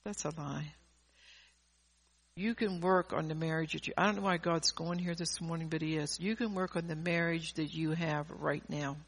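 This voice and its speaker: A woman's voice: low voice, fairly even intonation, normal speed, breathy edge. An older woman preaching an earnest sermon, often repeating and restarting her phrases.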